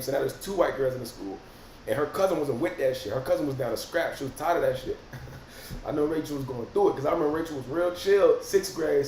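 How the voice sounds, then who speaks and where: Slangy man, echoey room. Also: a little high. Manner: animated, profane, slangy storyteller; reads out viewer comments and reacts. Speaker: rapper and livestream host. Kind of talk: casual livestream chat. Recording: roomy echo, faint noise.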